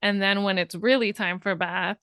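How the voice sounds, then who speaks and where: A woman's voice: mid-range voice, steady tone, moderate pace, vocal fry, a bit bright, clear, resonant tone, dry recording, studio quality. A woman co-hosting a parenting podcast, talking candidly about her own struggles as a mother. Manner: candid, chatty, self-deprecating. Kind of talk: casual podcast chat.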